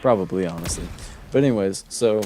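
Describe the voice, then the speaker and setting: A man's voice: low voice, fairly quick, warm tone, a little hiss or hum. A young man streaming a game, telling a long personal story in a casual, rambling way with many fillers and restarts. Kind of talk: casual storytelling while gaming.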